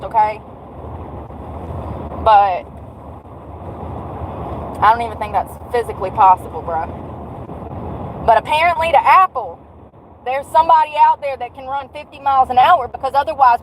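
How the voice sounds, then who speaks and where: A woman's voice: on the high side, a little hiss or hum, rough recording. A woman around forty, venting in a blunt, sarcastic, profane vlog rant while out walking. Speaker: vlogger.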